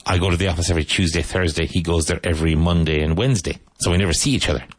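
Deep voiced guy teaching english words, dry close sound, says each word twice. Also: no echo. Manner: repeats words slowly and stresses syllables for learners. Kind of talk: radio-style language lesson.

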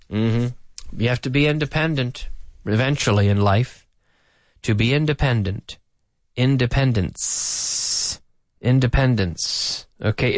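Animated man drilling English pronunciation. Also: medium pitch, no room sound, studio quality. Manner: drills words by repeating them in rhythm; playful, animated delivery. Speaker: English teacher. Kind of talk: English lesson for learners.

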